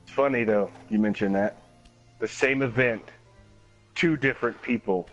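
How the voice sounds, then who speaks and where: A man streaming a game, telling a long story in a casual, animated way, acting out other people's voices and swearing often. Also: lowish voice, moderate pace, lo-fi sound, soft background music. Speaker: gaming streamer. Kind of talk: casual storytelling while gaming.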